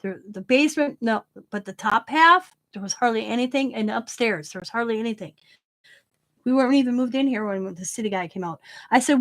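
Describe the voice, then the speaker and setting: Middle-aged woman, craft vlogger, blunt storyteller, salty and lively. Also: a little high, a little fast. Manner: animated, blunt, swears freely. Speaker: craft channel host. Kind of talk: casual storytelling while crafting.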